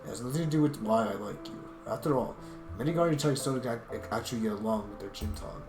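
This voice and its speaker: A man's voice: medium pitch, quick pace, close to an everyday voice. A man voicing a devoted male tiger guardian spirit in a visual novel, speaking formally and tenderly. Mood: earnest. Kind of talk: reading a visual novel aloud. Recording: roomy echo with guitar music.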